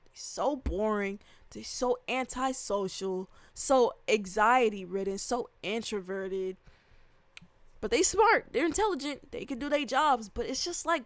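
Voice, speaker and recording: Animated ranting woman, bright voice. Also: a little high, normal speed, no room sound. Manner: animated, profane, emphatic with slang and repetition. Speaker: vlogger reacting to a video. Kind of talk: casual rant.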